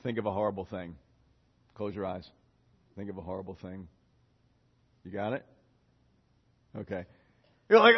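A middle-aged man preaching a lively sermon, quizzing the congregation and acting out prayers. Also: low voice, moderate pace, pauses often, breathy edge. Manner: animated, questions the congregation, acts out prayers. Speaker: pastor. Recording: dull reverberant hall.

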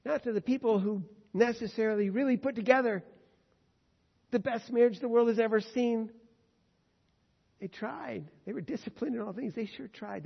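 A man preaching a sermon in an earnest way, swinging between loud emphasis and hushed tones. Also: high voice, gravelly. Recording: dull sound with long hall reverb.

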